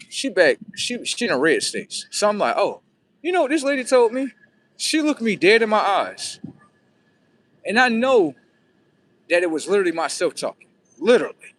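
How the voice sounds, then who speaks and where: A man's voice: high-pitched, moderate pace, a little hiss or hum. A young man from Florida, rambling through a story as he walks, acting out what people told him. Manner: rambling, repeats himself, quotes others in lively voices. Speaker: vlogger. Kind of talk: casual storytelling while walking.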